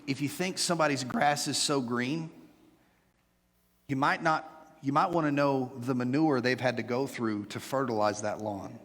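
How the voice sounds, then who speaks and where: A middle-aged man preaching a sermon as pastor, animated and joking with playful asides to his congregation. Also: mid-range voice, big-room sound. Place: church sanctuary.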